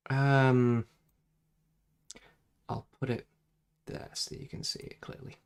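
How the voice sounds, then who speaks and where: In a small home room, a man draws on a live stream, chatting casually and wandering into self-deprecating asides about his tech issues. His desk microphone is plugged into the computer. He has a mid-range, gravelly voice with a clean tone, speaking slowly and flatly.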